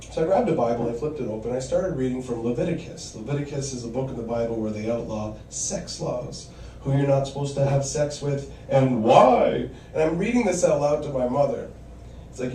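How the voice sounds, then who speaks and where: A man's voice: mid-range voice, a little fast, mellow, roomy sound, recorded from a distance, slight background noise, rough recording. A man performing a stand-up comedy set, telling wry stories and acting out quoted voices.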